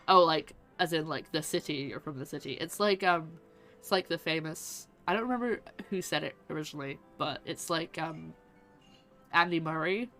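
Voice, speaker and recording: A Scottish woman streaming a game and chatting casually in a rambling, animated way. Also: deep voice, a little fast, soft background music. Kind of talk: casual chat while gaming.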